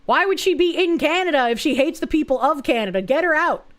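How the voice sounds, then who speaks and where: A woman's voice: high-pitched, lively intonation, brisk. A woman host giving blunt, sarcastic reaction commentary in casual profane talk.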